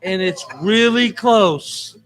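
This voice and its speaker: A man's voice: high-pitched, slow, fairly bright tone, faint music behind. A man hosting a live sports talk show from a tavern, joking and teasing his guest in casual banter. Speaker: show host.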